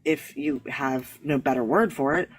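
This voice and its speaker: Speaking a little slowly in a mid-range voice, a live talk show guest earnestly lays out his spiritual beliefs in casual discussion, rambling and self-correcting with many restarts. The recording is poor, with a slight hiss or hum.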